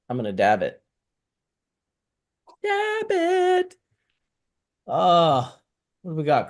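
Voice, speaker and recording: A man's voice: on the high side, a little mellow. A man hosting a casual livestream, laid-back and slangy as he greets people joining. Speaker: livestream host. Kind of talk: casual stream chat.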